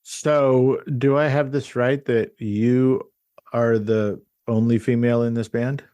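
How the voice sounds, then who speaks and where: A woman hosting a podcast, asking questions in a lively, curious way and laughing easily. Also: very deep voice, slow, no room sound. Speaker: podcast host. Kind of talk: casual interview chat.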